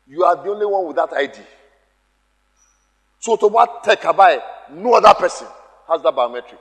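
High-voiced man preaching in an echoey hall. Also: big pitch swings, normal speed, long pauses, a bit bright. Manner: emphatic, repeats key phrases, calls out to the congregation. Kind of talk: sermon.

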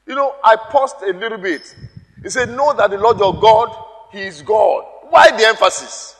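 A man's voice: sits high, expressive, moderate pace, fairly bright tone, big-room sound. A man preaching a sermon, emphatic, repeating key phrases and calling out to the congregation.

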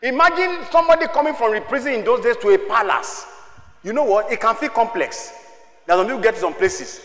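Older male pastor, high voice, preaching in a big reverberant hall; hushed one moment, shouting the next. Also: lively intonation, a little fast. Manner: swings between hushed asides and shouted exhortations. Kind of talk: sermon. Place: large church hall. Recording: echoey reverberant church hall.

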